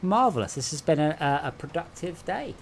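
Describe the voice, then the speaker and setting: A man hosting a casual gaming stream from England, chatting in a rambling, sweary, animated way over a voice call. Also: a little high, fairly quick, background noise. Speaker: streamer host.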